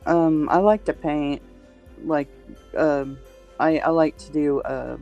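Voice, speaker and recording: A woman's voice: sits low, steady tone, slow pace, warm tone, faint music behind. A woman in casual chat who speaks hesitantly, with many ums. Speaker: chat participant.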